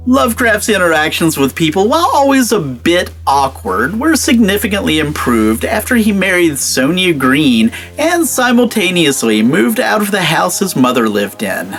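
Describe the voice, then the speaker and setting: A male host giving a scripted narration with an animated, expressive delivery. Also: high voice, moderate pace, hardly any pauses, faint music behind.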